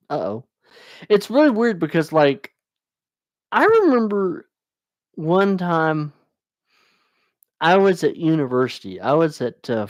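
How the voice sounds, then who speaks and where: A man talks loosely to his livestream viewers, mumbling now and then and stopping to restart his sentences. His delivery is slow and unhurried, but his pitch swings widely. The sound is dry, with no room echo. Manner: rambling, laughs often, restarts sentences. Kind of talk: casual livestream chat.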